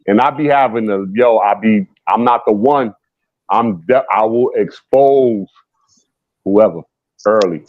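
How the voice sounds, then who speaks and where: Slow emphatic man, dull audio. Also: fairly low pitch, no room sound. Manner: slow, emphatic, streetwise slang. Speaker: podcast guest. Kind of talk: heated argument. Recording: dull lo-fi sound.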